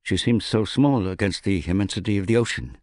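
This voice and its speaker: A man voicing a courteous, earnest young bowman who speaks formally and calmly in an audiobook. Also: fairly low pitch, fairly quick, no room sound, clean studio sound, voice pushed up, close to an everyday voice. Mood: polite.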